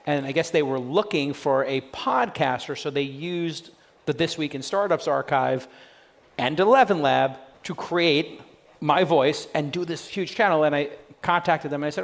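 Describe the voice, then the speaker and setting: An American man hosting a live interview on a conference stage, his voice sitting slightly high. He tells stories fast, with jokes and asides, animated throughout. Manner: fast, joking, animated storytelling. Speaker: podcast host interviewing a guest.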